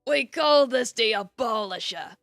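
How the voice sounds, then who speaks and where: A woman's voice: on the high side, animated, measured pace, fairly bright tone, dry recording, studio quality, faint music behind, heavily acted. A woman doing a grumpy old crone boss. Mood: gruff. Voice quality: gruff put-on Irish-style hag voice. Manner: curt, scolding, exasperated.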